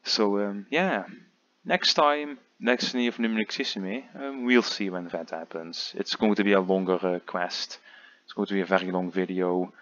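A man's voice: fairly low pitch, moderate pace, fairly bright tone, highs cut off. A man casually commentating on a game he made, rambling and self-mocking with lots of filler words. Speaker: game creator commentating his own quest.

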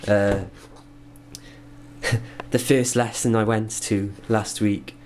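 A Welsh man speaking earnestly in a reflective video diary, halting and restarting as he thinks. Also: fairly low pitch, little pitch movement, darkish tone, a little hiss or hum. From Wales. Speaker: vlogger.

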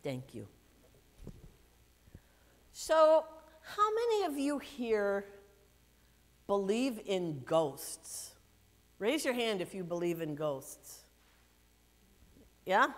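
A woman pastor reading scripture and then giving a gentle children's sermon, playfully asking the children questions. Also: fairly high pitch, very animated, slow pace, long pauses. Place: church sanctuary. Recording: long church reverb.

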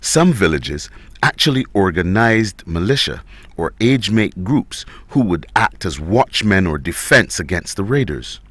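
A man reading a story aloud as narrator, in a dramatic, expressive way. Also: low voice, a little slow, dry recording.

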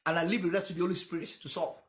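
A man's voice: high voice, little pitch movement, very fast, fairly bright tone, roomy sound. A Nigerian-accented man whose first language is Yoruba, preaching a sermon emphatically and repeating lines for stress. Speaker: pastor.

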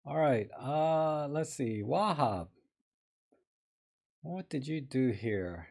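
A man's voice: a little high, animated, slow, creaky, a little mellow. A man hosting a live stream, talking casually and thinking aloud as he edits viewers' photos and greets people in the chat.

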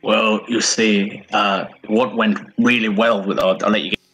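A man's voice: on the low side, fairly even intonation, measured pace, fairly bright tone, slight background noise, low-quality recording. A man playing a tabletop game, telling a hesitant, rambling story full of restarts and fillers. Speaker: player. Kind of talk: casual tabletop game chat.

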